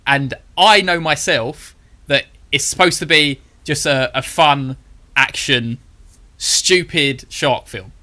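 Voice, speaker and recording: A man co-hosting a casual film chat with a fairly high, bright, forceful voice. He lays out his opinion in a measured way, point by point. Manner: measured, explaining his view step by step. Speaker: film review podcast co-host.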